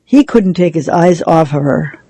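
A woman reading a novel aloud for a radio reading service, in a measured storytelling manner. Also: sits low, animated, warm tone, husky, no echo, poor audio. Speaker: radio reader.

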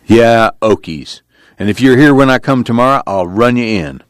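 A man voicing a hostile, bullying lawman who talks loud and sneering, in an audiobook reading. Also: mid-range voice, animated, moderate pace, dry recording, clean studio sound, pitched above the performer's own voice, close to an everyday voice. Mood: threatening.

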